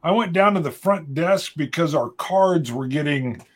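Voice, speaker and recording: Husky-voiced man, slightly high, animated storyteller in casual chat. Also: moderate pace. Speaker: tasting panelist.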